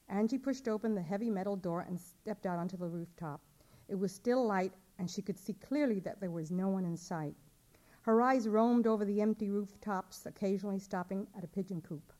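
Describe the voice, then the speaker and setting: A woman's voice: mid-range voice, fairly quick, mellow. A woman author reading her short story aloud at a public event, narrating plainly and voicing the dialogue.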